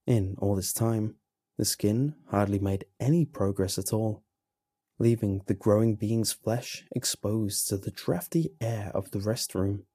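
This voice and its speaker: Slow, dark-voiced male horror narrator. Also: lowish voice, fairly even intonation, husky, dry recording, clean studio sound. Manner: slow, grim, measured storytelling.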